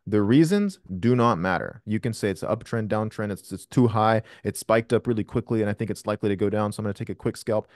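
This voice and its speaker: Blunt male coach, low-pitched, dry and close, swears freely on a video call. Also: fast talker, few pauses, a little mellow, no echo. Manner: blunt and profane, emphatic. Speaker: trading coach hosting a call. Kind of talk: live Q&A coaching.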